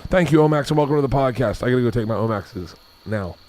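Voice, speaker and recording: A man's voice: mid-range voice, lively intonation, fast, slight background noise. A man in his forties hosting a podcast, chatting casually, laughing and swearing as he tells stories. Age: 40s. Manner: loud, swearing, laughing storyteller. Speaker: podcast host. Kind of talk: casual chat.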